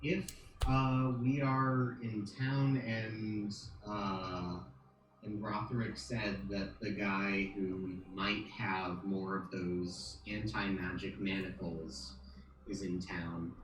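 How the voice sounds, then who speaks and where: A man playing in a tabletop game, talking in a slow, halting way with fillers. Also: lowish voice, flat delivery. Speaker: player. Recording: echoey and noisy, far from the mic.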